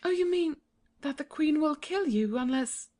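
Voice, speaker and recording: A woman's voice: high voice, lively intonation, moderate pace, a little mellow. A woman voicing a young, trusting princess, earnest and pleading in a childlike way. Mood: frightened.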